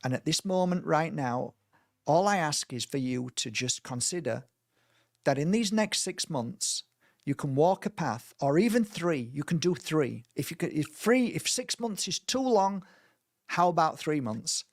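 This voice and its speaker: A man speaks as a healer guiding a workshop, earnest and meandering, often restarting his sentences. His voice sits a bit higher than most men's. The sound is dry and close, with no room around it. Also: animated, unhurried, no echo. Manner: earnest, rambling, with frequent restarts and mimicked voices. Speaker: spiritual healer leading a workshop. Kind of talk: informal spoken workshop talk.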